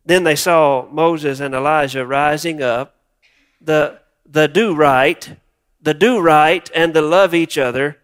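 A man's voice: a little high, takes it slowly, fairly bright tone, smooth. A male pastor preaching a sermon, reflective and wryly humorous, repeating words for emphasis.

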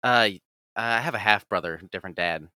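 A man in his late twenties tells a story in relaxed chat with a chuckle in it. His voice is bright, and the sound is dry. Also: lowish voice, fairly quick, dry recording. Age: 20s. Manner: relaxed, chuckling while telling. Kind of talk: casual chat.

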